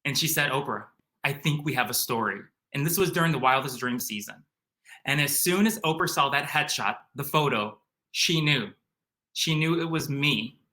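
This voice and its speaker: A young man from the area, eagerly telling a personal story in an animated way, full of "like" and "um". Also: medium pitch, normal speed. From Chicago area. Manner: animated, excitable, uses lots of "like" and "um". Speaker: storyteller guest.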